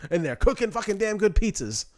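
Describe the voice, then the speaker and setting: Male co-host, comedian, fairly high voice, rambling casual talk. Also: sing-song, a little fast. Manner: rambling, heavy use of "like". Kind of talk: casual chat.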